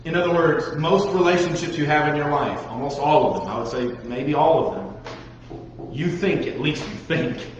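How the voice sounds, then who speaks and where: A man preaching a lively sermon to young listeners, talking straight at them and acting out the voices of the people he describes. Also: a little high, normal speed. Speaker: pastor. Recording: dull, echoey hall recording with faint noise.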